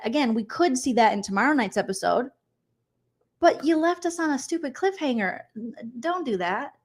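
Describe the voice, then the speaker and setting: A young woman comedian doing a sarcastic, animated recap vlog, acting out people in mocking voices. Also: fairly high pitch.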